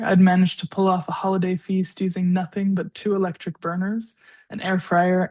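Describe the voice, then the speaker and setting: A woman's voice: fairly low pitch, a little mellow. A woman in her forties, a guest writer, reading her own personal essay aloud with a tender, darkly funny touch. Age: 40s.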